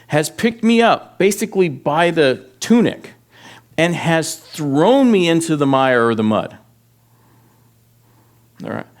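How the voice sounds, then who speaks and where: A pastor teaching through scripture in a sermon, reading passages aloud and rising in intensity as he voices the text's laments. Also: a little high. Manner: reads scripture aloud with rising intensity, speaks plainly to the congregation. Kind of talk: expository sermon.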